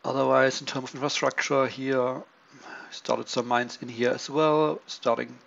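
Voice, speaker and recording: A man giving casual, low-key commentary on his turn in a strategy game, thinking aloud with many pauses and ums. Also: flat delivery, gravelly, fairly bright tone. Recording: dull lo-fi mic with faint hiss.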